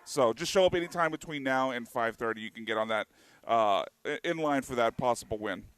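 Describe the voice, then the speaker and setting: A man from Texas with a Texan accent, co-hosting a sports radio show with quick, teasing banter. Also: mid-range voice, fairly bright tone, clear, resonant tone, no room sound. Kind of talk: casual on-air chat.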